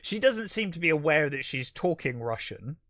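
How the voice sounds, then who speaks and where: A man's voice: a little high, big pitch swings, moderate pace, a bit bright, dry recording, studio quality. A man co-hosting a podcast, recapping a film plot in casual chat, rambling with many fillers and restarts. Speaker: podcast co-host.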